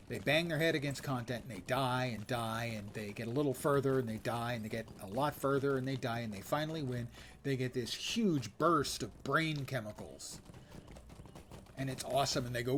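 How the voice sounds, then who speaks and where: A man's voice: mid-range voice, a little hiss or hum. An older man streaming a game, giving casual, wry, self-mocking commentary and reading quest text aloud.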